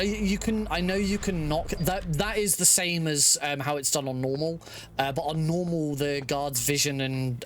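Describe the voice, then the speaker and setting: A young man talking through his own game speedrun live, chatty and quick to laugh, thinking aloud as he plays. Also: fairly high pitch, a bit bright, slight background noise. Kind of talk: live gameplay commentary.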